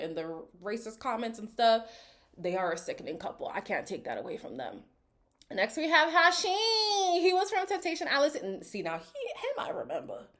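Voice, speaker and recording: A woman YouTuber reading reality show cast bios aloud in a casual recap video, breaking off for chatty, sassy asides. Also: medium pitch.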